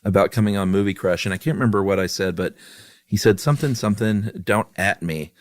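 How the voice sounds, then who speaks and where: A man's voice: on the low side, fast, a little mellow, dry recording, studio quality. A man co-hosting a podcast, chatting casually as an easygoing, rambling storyteller. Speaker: podcast co-host. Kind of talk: casual chat.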